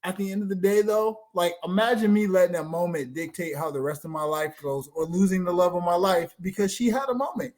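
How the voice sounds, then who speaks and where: A man's voice: high voice, fairly even intonation, a little fast, hardly any pauses, darkish tone. A man hosting a casual podcast chat, talking emphatically and repeating himself for stress. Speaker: podcast host.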